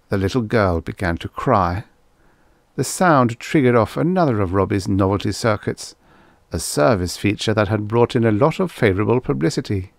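A man narrating a vintage science fiction audiobook in a measured, expressive storytelling voice. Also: fairly low pitch, creaky, no room sound, studio quality. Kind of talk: scripted narration.

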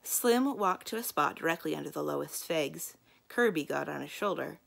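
A woman librarian reads a children's mystery book aloud and talks to her young listeners in between. Her voice sits a little low and has a gravelly creak. Her delivery is calm and inviting. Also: moderate pace.

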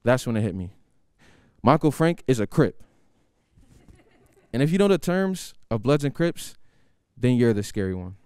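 A young man performs stand-up in a studio, telling a story in an animated, chatty way. His voice is smooth and mellow, with lively swings in pitch. The sound is close and dry. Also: normal speed, pauses often, dry recording. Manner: animated, conversational. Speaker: stand-up comedian. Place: university TV studio.

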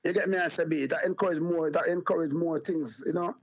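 A man's voice: on the high side, fairly even intonation, fast talker, slightly rough. A Jamaican man talking as an interview guest in casual patois, rambling and repeating phrases like "you get me, I say". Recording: dull lo-fi sound.

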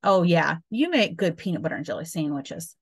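A woman's voice: low-pitched, animated, a little fast, husky, dry recording, clean studio sound, heavily acted. A woman voicing Louie, a bossy, boastful schoolboy.

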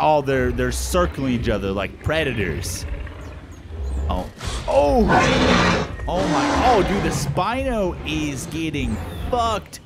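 A young man giving excited let's-play commentary, swearing and exclaiming often. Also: a little high, takes it slowly, heavy background noise. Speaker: gameplay commentator.

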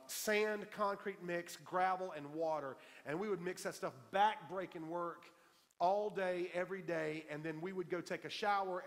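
A man preaching to a congregation, his voice sitting a little high and carrying a long tail of reverb through the church hall. He tells stories with emphasis and repeats his key lines for weight. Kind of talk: sermon. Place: church sanctuary.

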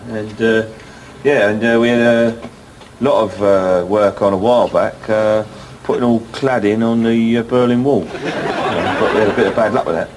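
An actor playing a chatty builder who talks hesitantly with many pauses. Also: male voice, on the low side, steady tone, background noise, close to an everyday voice. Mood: matter-of-fact. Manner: hesitant, full of uhs. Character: chatty male British builder.

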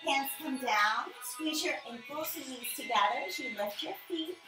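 Calm woman cueing a yoga flow. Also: high-pitched, normal speed. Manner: calm, encouraging step-by-step instruction. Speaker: yoga instructor. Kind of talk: guided yoga class cues. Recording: echoey room, mic at a distance, music behind.

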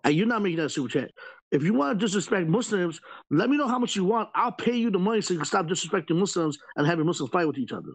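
A man's voice: high-pitched, lively intonation, quick pace, husky, poor audio. A man hosting a live stream panel, venting at length in casual chat and filling his talk with "you know" and "bro".

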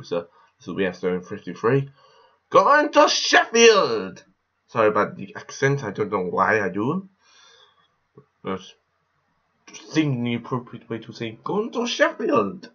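A man's voice: on the low side, fairly bright tone, dull audio. A young man vlogging casually, rambling with frequent restarts and self-corrections. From England. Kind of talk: casual daily vlog to camera.

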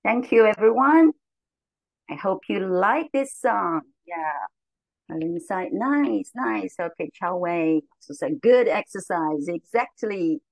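A woman leading an English lesson for very young learners, cheerful and slow, her voice jumping high on the commands. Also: animated, no echo, low-quality recording. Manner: cheerful, slow and clear, with big pitch jumps on commands. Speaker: teacher trainer leading a model lesson. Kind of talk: lively classroom teaching to young children.

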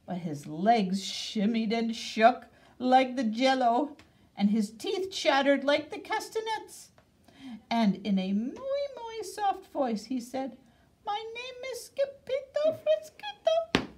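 A woman reading a picture book aloud for kids, expressive and sprinkled with playful Spanish words. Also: a little high, takes it slowly. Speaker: reader.

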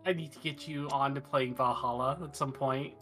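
A woman's voice: rumbling low, steady tone, normal speed, fairly bright tone, faint music behind. A woman playing a card game on stream, chatting playfully and joking about the game. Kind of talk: casual gaming stream chat.

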